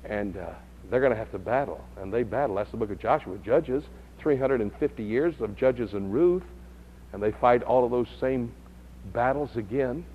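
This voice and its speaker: A man teaching a Bible study lesson, who builds to loud, high-pitched emphasis. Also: moderate pace, narrow, tinny audio, a little hiss or hum.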